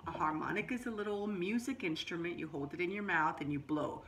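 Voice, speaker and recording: A woman teacher reading a picture book aloud to children, explaining words as she goes, with drawn-out storybook phrasing and sudden high exclamations. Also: a bit bright, a little hiss or hum.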